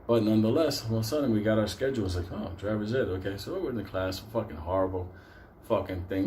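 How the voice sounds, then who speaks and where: A man's voice: lowish voice, quick pace, darkish tone, a little hiss or hum. A middle-aged man telling a comic story from his youth, rambling, swearing constantly and prone to laughing. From New York City. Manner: profane, rambling, easily breaks into laughter.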